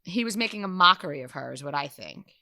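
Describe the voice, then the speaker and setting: A woman's voice: on the low side, lively intonation, bright, forceful tone. A woman co-hosting a casual gossip podcast, bluntly recapping reality TV scenes. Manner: brisk storytelling recap, blunt. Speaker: podcast co-host.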